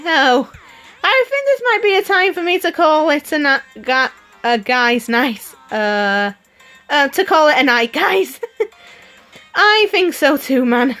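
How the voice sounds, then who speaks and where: A woman's voice: high-pitched, big pitch swings, unhurried, fairly bright tone, faint music behind. A woman streamer reading a story game aloud, giggling and adding her own comments between the lines. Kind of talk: reading game dialogue aloud with playful voices.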